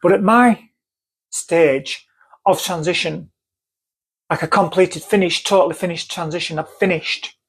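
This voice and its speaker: A woman's voice: lowish voice, measured pace, pauses often, husky. A woman with a North Manchester accent telling a personal story to camera, earnest and emphatic, repeating phrases for stress. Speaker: vlogger.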